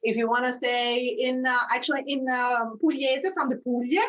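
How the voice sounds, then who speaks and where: A woman from Italy with an Italian accent, a native Italian speaker, chatting as a podcast guest, animated and laughing often. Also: fairly high pitch, normal speed, far from the mic, low-quality recording. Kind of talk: casual chat.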